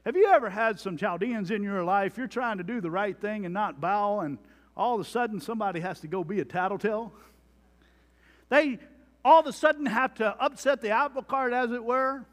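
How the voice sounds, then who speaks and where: A man's voice: high-pitched, fairly quick. A man preaching a sermon, reading scripture aloud with dramatic emphasis. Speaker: pastor. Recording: long hall reverb.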